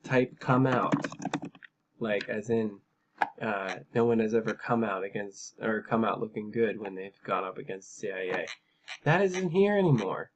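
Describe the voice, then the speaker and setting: A man's voice: on the low side, lively intonation, normal speed, lo-fi sound, noisy background. Heated man ranting over a news story. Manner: emphatic, heated, with frequent fillers and repeated phrases. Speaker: political commentary vlogger. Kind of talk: ranting commentary on a news article.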